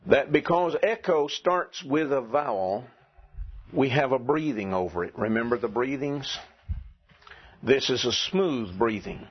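A man teaching a classroom lesson, asking his students questions and clearing his throat now and then. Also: mid-range voice. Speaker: Greek teacher. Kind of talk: classroom lecture. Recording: dull lo-fi classroom recording.

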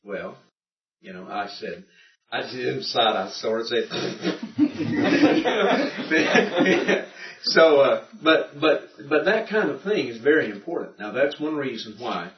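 A man teaching a Greek language class in a folksy, halting lecture style, often repeating himself. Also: medium pitch. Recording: roomy, distant, muffled classroom recording.

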